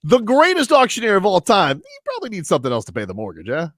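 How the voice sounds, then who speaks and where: A man's voice: high-pitched, quick pace, dry recording. A man hosting a sports talk radio show, telling stories and joking in casual banter. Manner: joking, animated storytelling. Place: radio studio.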